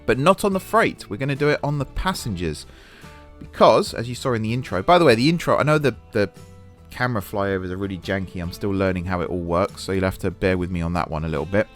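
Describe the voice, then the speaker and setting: This is a man with a fairly low voice hosting a casual building-game let's-play. He chats and plans out loud as he works. He shrugs off his own blunders with easygoing humor. Soft background music sits under his talk. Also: expressive, quick pace. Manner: chatty, thinking aloud while building; self-deprecating about mistakes. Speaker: gaming channel host.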